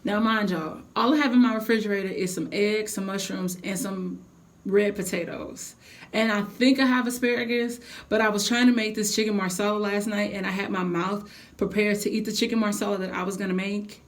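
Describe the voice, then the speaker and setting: Animated, profane woman venting a story. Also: mid-range voice, brisk. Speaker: vlogger. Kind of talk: casual storytime vlog.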